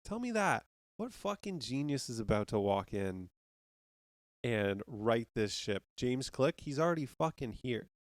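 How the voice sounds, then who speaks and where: A man's voice: mid-range voice, very animated, measured pace, no room sound, studio quality. A man hosting a podcast, ranting casually about baseball with heavy swearing and rambling restarts. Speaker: podcast host. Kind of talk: casual sports rant.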